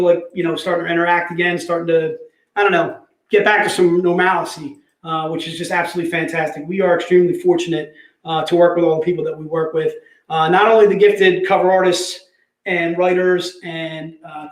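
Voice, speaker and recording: A man hosting a casual live sales stream from an office, joking around, laughing often and calling people "dude". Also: a little high. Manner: jokey, laughs often, says "dude" a lot. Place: company office. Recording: roomy echo.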